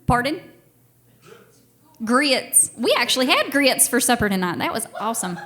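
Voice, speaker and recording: A woman's voice: a little high, big pitch swings, fast, a bit bright. A young woman from Tennessee and Georgia with a Southern accent, telling a story on stage to a live audience in a chatty, self-deprecating way.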